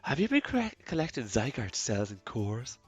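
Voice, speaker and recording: A man's voice: medium pitch, big pitch swings, husky, dry recording, soft background music. A man putting on a clumsy mock French accent. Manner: halting, quiet read-aloud with stumbles. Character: French-accented game researchers, man and woman.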